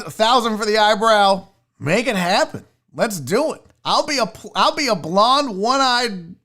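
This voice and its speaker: Rambling, lively-pitched male show host. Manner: rambling, profane, jokey; fiddles with screen sharing as he talks. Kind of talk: casual livestream chat.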